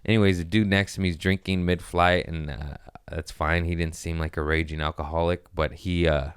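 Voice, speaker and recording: A man's voice: sits low, steady tone, a little fast, smooth, dry recording. A man hosting a comedy podcast, telling stories in a laid-back, slangy, profane way close to the mic. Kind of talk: casual storytelling chat.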